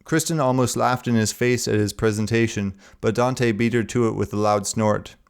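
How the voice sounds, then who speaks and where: A man reading a novel aloud in a steady, even narration. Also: lowish voice, normal speed, creaky, clean tone.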